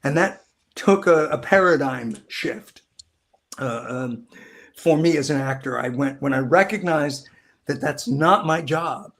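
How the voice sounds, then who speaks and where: Talkative man, rambling and animated. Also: a little high, measured pace, gravelly. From Southern California. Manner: rambling, animated, acts out quotes. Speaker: actor guest. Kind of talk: casual interview storytelling.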